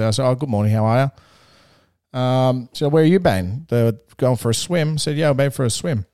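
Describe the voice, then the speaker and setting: A man's voice: mid-range voice, darkish tone, clean tone, no room sound, clean studio sound. A man with an Australian accent, co-hosting a podcast and telling a rambling, sweary story in a casual chat. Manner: rambling, laid-back, swears freely. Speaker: podcast co-host.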